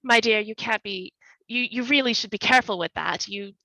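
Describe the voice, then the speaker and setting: A woman's voice: high-pitched, expressive, a little fast, sharp tone, no echo, voice pushed up. A woman voicing a terrified man who pleads in a raised, frantic voice as he is being walled in. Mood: pleading. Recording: dull lo-fi sound.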